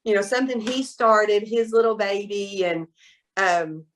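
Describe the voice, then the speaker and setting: Brief: middle-aged woman, expressive interview guest. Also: mid-range voice, unhurried. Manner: animated storyteller, quotes people in voices. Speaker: guest, soap maker. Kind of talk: casual interview chat.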